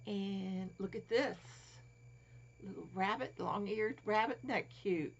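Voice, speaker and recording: Speaking a little slowly with vocal fry in a mid-range voice, a Florida woman shows off crafts in an easygoing vlog. She coos at little toys and keeps dropping to a whisper. The home recording sounds dull and lo-fi, with faint hiss.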